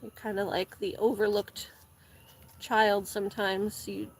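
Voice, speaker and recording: A woman's voice: mid-range voice, level tone, unhurried, a little hiss or hum. A young woman vlogger chatting casually while gardening, rambling, saying "like" a lot and laughing often. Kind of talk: casual chat. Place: garden, repotting plants.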